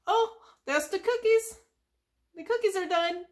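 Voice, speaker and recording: A woman voicing a cheerful, chatty female squirrel playing host, bright and sing-song, in an ASMR story retelling. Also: extremely high pitch, lively intonation, moderate pace, pitched above the performer's own voice.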